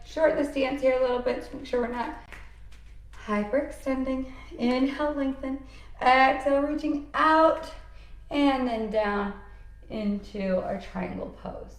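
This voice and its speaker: A woman teaching a yoga class, calmly cueing poses and breaths with encouraging asides. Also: on the high side, roomy sound. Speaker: yoga instructor. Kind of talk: guided yoga class instruction.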